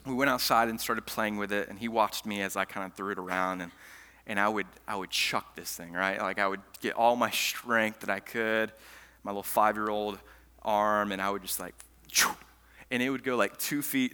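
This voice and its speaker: A male pastor delivers a sermon in a bright, forceful voice. He tells stories animatedly, swinging from loud, eager bursts down to hushed asides, and his words ring out with a long reverb from a large church hall. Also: fairly low pitch, moderate pace, clear, resonant tone.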